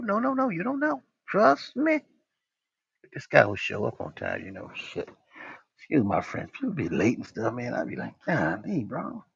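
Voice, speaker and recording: Lively, husky man chatting on a livestream. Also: on the high side, dry recording. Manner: loose, joking, talks to viewers directly. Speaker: livestream host. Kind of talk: casual rambling livestream chat. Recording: dull, dry lo-fi stream audio.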